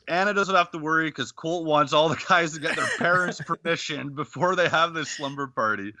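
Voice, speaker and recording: A man from Canada hosting a podcast, retelling a wrestling clip in a lively storytelling way with acted-out quotes. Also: on the high side, fairly quick, hardly any pauses, no echo. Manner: animated storytelling, acting out quotes. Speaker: podcast host. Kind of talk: casual podcast recap.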